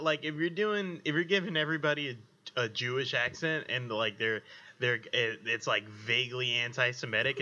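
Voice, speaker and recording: A man co-hosting a casual podcast chat, animated, rambling and profane. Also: medium pitch, muffled recording.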